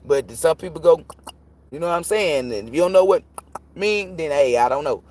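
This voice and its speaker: A man reading tarot on a live stream, ranting casually and profanely, rambling and cutting himself off, jumping between loud bursts and low muttering. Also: normal speed. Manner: profane, rambling, self-interrupting; animated, jumps between shouting and muttering.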